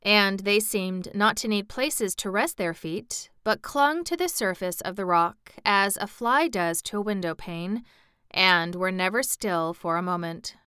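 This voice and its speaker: A woman reading a storybook aloud in a measured storytelling manner. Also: mid-range voice, sharp tone, clear, resonant tone, dry recording, studio quality. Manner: measured storytelling, lifts voice for quoted speech. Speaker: narrator. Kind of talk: audiobook narration.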